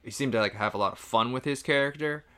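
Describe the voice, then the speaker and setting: A man from the US East Coast co-hosts a casual podcast where he reviews movies, speaking fast and smoothly at a medium pitch. He's animated, laughs a lot, and mimics lines in a raised voice.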